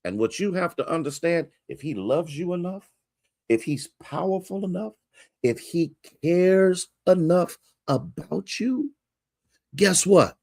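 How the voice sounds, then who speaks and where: A man's voice: on the high side, animated, a little slow, creaky, a little mellow, no echo, studio quality. A male pastor preaching a sermon, repeating key lines for emphasis and greeting listeners by name.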